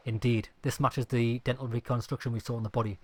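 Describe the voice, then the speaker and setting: A man's voice: medium pitch, flat delivery, fast talker, close to an everyday voice. A man voicing a serious, precise male police lieutenant in a video game, dry and businesslike.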